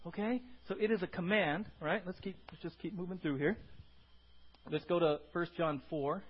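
A man's voice: high-pitched, moderate pace, slightly rough, muffled recording. A man preaching a conversational sermon to his congregation, joking and calling on people by name. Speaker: pastor.

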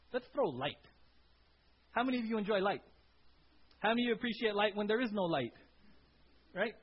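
This pastor's sermon comes through dull lo-fi audio in a high-pitched, husky male voice. He keeps it conversational, putting questions to his listeners and tacking "right?" onto his points.

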